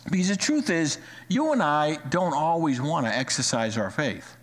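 A male pastor preaching a sermon to a live-streamed congregation, animated and repeating phrases for emphasis. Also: on the high side, moderate pace. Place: church sanctuary, live-streamed. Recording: long hall reverb.

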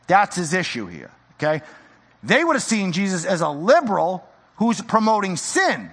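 High bright-voiced guy preaching, super animated, slangy, echoey hall. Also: moderate pace, breathy edge. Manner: animated, casual slang, acts out quoted voices. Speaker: pastor. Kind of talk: sermon.

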